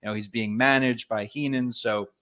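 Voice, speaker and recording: A man's voice: medium pitch, steady tone, moderate pace, bright, forceful tone. A young man co-hosting a wrestling review podcast, laid-back and easygoing in casual chat. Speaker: podcast co-host.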